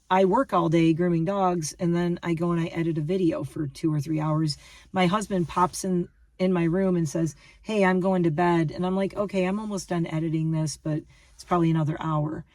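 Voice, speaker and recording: A woman's voice: on the low side, darkish tone, no echo. Chatty woman vlogging from a distance. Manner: rambling, chatty, self-deprecating. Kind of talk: casual vlog monologue.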